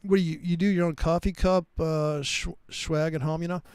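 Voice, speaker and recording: A man hosting a live trading stream, telling animated stories in casual chat and swearing freely. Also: fairly high pitch, moderate pace, a crowd in the background.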